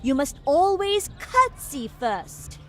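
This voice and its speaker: A woman's voice: high voice, very animated, slow, full character voice. A fussy, genteel noblewoman. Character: fussy etiquette-obsessed noblewoman. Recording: game audio with music behind.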